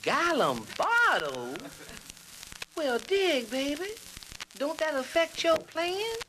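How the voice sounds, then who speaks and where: A man voicing an excitable male jazz musician in a high, squealing voice, full of hip slang, on a crackly old record. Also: takes it slowly, heavily acted. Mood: eager.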